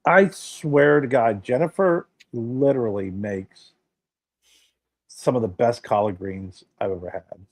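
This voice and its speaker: A man's voice: medium pitch, unhurried, no echo. A man co-hosting a podcast, telling stories in a casual, emphatic way and swearing now and then. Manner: emphatic, animated storytelling with swearing. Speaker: podcast co-host. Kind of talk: casual chat.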